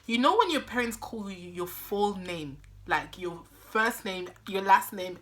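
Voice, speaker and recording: A young woman vlogger telling a personal story, animated and dramatic, acting out what everyone said. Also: mid-range voice, a little slow. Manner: animated, dramatic retelling with acted-out quotes. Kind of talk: storytime vlog.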